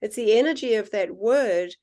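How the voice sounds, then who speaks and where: A woman guest in casual conversation, telling animated stories and acting out the dialogue. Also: mid-range voice, moderate pace. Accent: non-American accent, self-described. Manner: animated storyteller, acts out quoted dialogue. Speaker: guest, water researcher.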